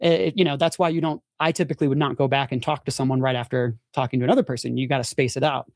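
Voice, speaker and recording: A man's voice: fast, no echo, studio quality. A young adult man, a podcast guest, telling a story casually, acting out quotes and filling his talk with "like". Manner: animated storyteller, acts out quotes with big pitch jumps, frequent "like". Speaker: podcast guest, former reality show contestant.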